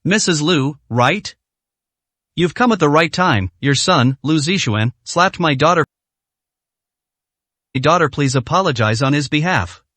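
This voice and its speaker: An indignant widowed mother arguing for her daughter , as a male storyteller puts her on. The reading is lively and slightly high, in a dry, close sound. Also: measured pace, pauses often, no echo. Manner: indignant, pleading for reason.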